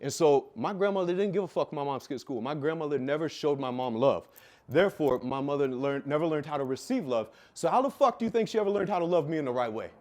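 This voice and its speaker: A man's voice: fairly high pitch, expressive, fast. Intense, profane man telling his story. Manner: profane, intense, swings from quiet to loud; loud, self-described. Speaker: fitness business coach telling his life story. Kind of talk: raw personal storytelling.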